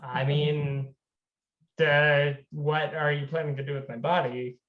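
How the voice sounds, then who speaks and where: A player in a tabletop game, answering in a wry, deadpan way. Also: medium pitch, slow pace, roomy sound, dull audio. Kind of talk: casual role-play.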